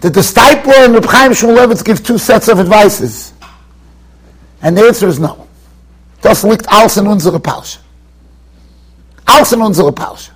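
High-voiced emphatic rabbi lecturing. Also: male voice, moderate pace, pauses often, husky, poor audio. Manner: emphatic storytelling, mixing Yiddish and Hebrew terms. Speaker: rabbi giving a Torah class. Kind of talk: yeshiva Torah lecture. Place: study hall in a yeshiva.

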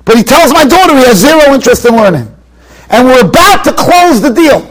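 Rabbi w/ giving a torah class, really high voice that jumps all over, emphatic storyteller. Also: male voice, lively intonation, brisk, low-quality recording. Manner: emphatic storytelling, mixing Yiddish and Hebrew terms. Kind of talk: yeshiva Torah lecture. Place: study hall in a yeshiva.

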